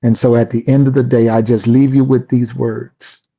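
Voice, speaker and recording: A man's voice: medium pitch, little pitch movement, moderate pace, mellow, husky, highs cut off. A man co-hosting a podcast, giving an earnest, sermon-like closing reflection. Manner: earnest, affirming, sermon-like wrap-up. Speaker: podcast co-host. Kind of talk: casual podcast talk.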